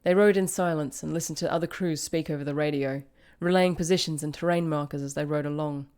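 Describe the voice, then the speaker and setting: A woman's voice: low-pitched, fairly even intonation, fast, darkish tone. A woman hosting a show, reading a story aloud with casual asides. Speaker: host.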